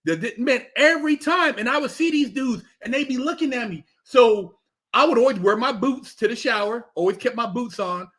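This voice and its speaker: Middle-aged male guest, very high pitch, emphatic storyteller with salty language. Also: moderate pace. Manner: animated, emphatic, heavy swearing, acts out quotes. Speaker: podcast guest. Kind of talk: casual chat, storytelling.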